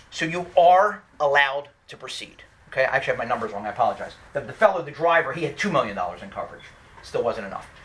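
A lawyer giving an animated storytelling talk, often restarting his sentences. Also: medium pitch. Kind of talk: storytelling lecture.

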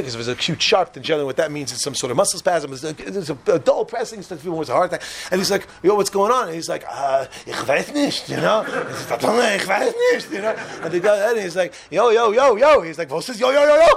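A man teaching a class to a room of listeners, telling a lively story, acting out voices and joking with the audience. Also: high voice, a little hiss or hum. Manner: animated, acts out voices, jokes with the room.

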